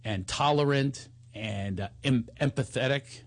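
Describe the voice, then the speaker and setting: A man in his forties, a comedian, telling animated stories in a casual chat and sometimes breaking into theatrical singing. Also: a little slow. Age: 40s. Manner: animated storyteller, bursts into high theatrical singing.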